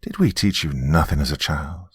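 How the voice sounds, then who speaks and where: A man voicing a stern older grandmother who speaks sharply and with quiet menace. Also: very deep voice, normal speed, breathy edge, no room sound, clean studio sound. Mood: cold.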